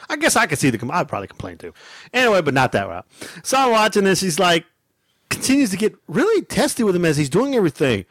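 A man's voice: high voice, fast, dry recording. A man telling a story on a casual podcast, acting out the people he quotes and swearing freely. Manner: animated storytelling, acts out quotes, swears a lot. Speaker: podcast co-host.

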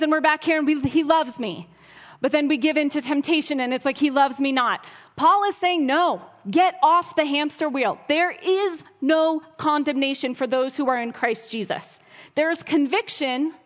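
A woman preaching a sermon, earnest and storytelling, with wry asides. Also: high-pitched. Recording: long hall reverb.

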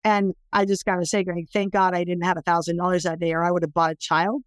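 Her voice is low-ish and smooth, her delivery flat and quick, and the recording dry. She's a middle-aged California woman who works in anti-trafficking, guesting in an interview and recounting a personal story with emphatic intensity that builds into impassioned pleas.

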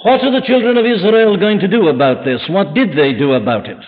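Preaching an evening sermon to a congregation in a church, a man with a high, expressive voice speaks briskly, emphatic and firing off rhetorical questions. The audio is a dull lo-fi archive sermon recording.

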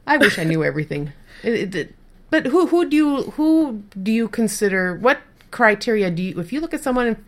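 A woman's voice: mid-range voice, expressive, a little fast. Curious Minnesotan woman asking questions. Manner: curious, asks questions, joking. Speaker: podcast co-host. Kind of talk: casual chat.

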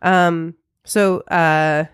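A woman's voice: fairly low pitch, steady tone, extremely slow, clean tone, no room sound, studio quality. A woman co-hosting a casual podcast, chatty, with lots of fillers and laughs. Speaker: podcast co-host. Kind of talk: casual chat.

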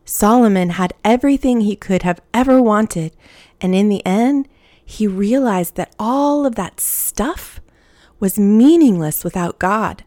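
A woman's voice: mid-range voice, expressive, a little slow, no echo. A woman giving an earnest, encouraging Bible lesson for children, leading them in repeating a verse and closing with a prayer. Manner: gentle, earnest, encouraging, leads call-and-response.

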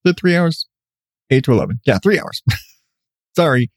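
A man's voice: mid-range voice, animated, a little slow, dry recording. Male podcast host, middle-aged, stuffy-nosed and rambling, self-mocking, recorded dry and close with no room sound. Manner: rambling, self-deprecating, restarts often. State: congested. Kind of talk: rambling late-night solo chat.

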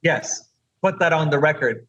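Man, husky, a touch high-pitched, frank and emphatic, muffled lo-fi audio. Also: normal speed, a bit bright. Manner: emphatic, frank, keeps asking "right?". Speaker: eliminated reality competition contestant. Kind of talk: remote interview, storytelling.

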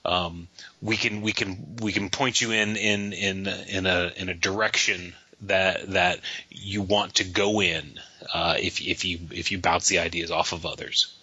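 A man co-hosting a podcast, giving advice in a halting way and often repeating his words. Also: deep voice, steady tone, bright, forceful tone, breathy edge, dull audio. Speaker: podcast co-host. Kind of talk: casual panel chat.

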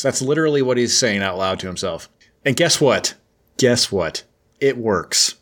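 A man's voice: medium pitch, expressive, normal speed, fairly bright tone. A man hosting, casually recapping a comic book with joking, sarcastic storytelling.

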